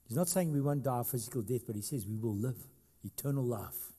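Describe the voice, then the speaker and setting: Mellow-voiced pastor preaching, loud then hushed. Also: male voice, medium pitch, a little fast, few pauses, husky. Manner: swings between loud emphatic stretches and quiet, hushed asides; conversational, with questions to the congregation and light humor. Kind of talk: sermon.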